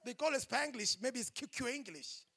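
Male preacher, high voice with gravel, impassioned sermon delivery. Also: lively intonation, normal speed. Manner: impassioned, rising to shouts.

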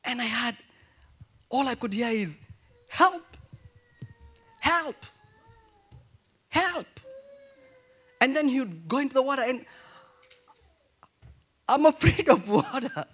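Man, pastor, sermon, high voice, very lively intonation, hushed asides and loud cries. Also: moderate pace, pauses often, husky. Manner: animated preaching, swinging between hushed asides and loud emphatic cries.

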